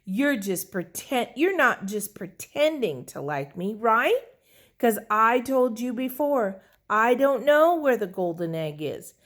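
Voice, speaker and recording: A woman's voice: fairly high pitch, expressive, slow pace, pitched above the performer's own voice. Woman doing a spoiled rich little girl. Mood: pleading. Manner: whiny, showing off.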